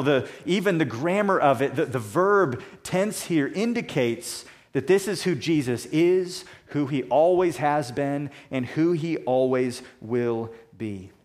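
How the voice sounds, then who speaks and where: A man preaching a sermon, measured and conversational, slowing down and dropping soft for emphasis, with homely illustrations. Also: fairly high pitch. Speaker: pastor.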